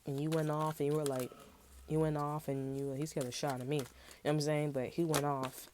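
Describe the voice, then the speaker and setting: A woman's voice: low-pitched, little pitch movement, fairly quick, darkish tone, a little hiss or hum. A woman giving a casual tarot reading, talking in a loose, rambling way full of slang and swearing. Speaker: tarot reader.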